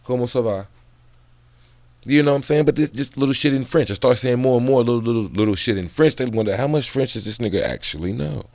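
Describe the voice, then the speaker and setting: A man's voice: mid-range voice, quick pace, hardly any pauses, darkish tone, no echo. A man in casual, profane book commentary, drifting off on tangents and laughing between thoughts. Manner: loose, profane, digressive talk.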